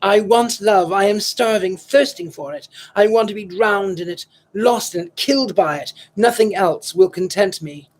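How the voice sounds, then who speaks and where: A man reading a storybook voicing a passionate young noblewoman in a breathless, hurried way. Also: sits high, pitched above the performer's own voice.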